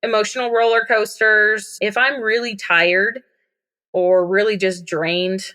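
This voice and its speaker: A woman's voice: mid-range voice, steady tone, a little slow, bright, forceful tone. A woman casually telling a personal story, acting out quoted lines in a raised voice. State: recovering from memory loss and daily headaches. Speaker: guest telling her story.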